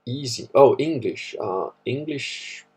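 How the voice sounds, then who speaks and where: Husky man rambling. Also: mid-range voice, expressive, takes it slowly, darkish tone. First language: Italian. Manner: rambling, profane, wry. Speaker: livestream host. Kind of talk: casual livestream chat reading comments.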